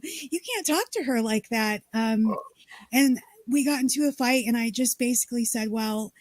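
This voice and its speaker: A woman's voice: a little high, darkish tone, no echo. A woman from Colorado, a state party chair, telling her story in a casual interview and acting out the dialogue.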